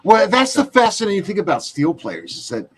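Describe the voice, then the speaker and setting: A man hosting a casual chat, telling a gig story in an animated way. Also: sits high, a little fast, slight background noise. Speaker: podcast host.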